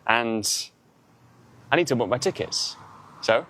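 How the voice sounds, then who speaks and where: A man's voice: mid-range voice, animated, unhurried, fairly bright tone, a little hiss or hum. A young man with an English accent, giving a chatty vlog-style English lesson and explaining words with examples. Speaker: English teacher.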